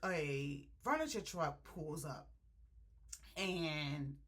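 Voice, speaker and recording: A woman reviewing a book, retelling scenes in an animated, chatty way and talking straight to her viewers. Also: low voice, extremely slow. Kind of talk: casual story retelling.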